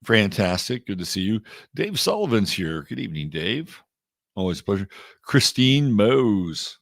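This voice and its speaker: A middle-aged man from Texas with a low voice runs a casual livestream, reading off items and greeting his viewers one by one by name. His chatty, easygoing talk is recorded dry and close, with no room echo. The whole stream feels loose and unhurried. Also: very animated, creaky, fairly bright tone. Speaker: astrology livestream host.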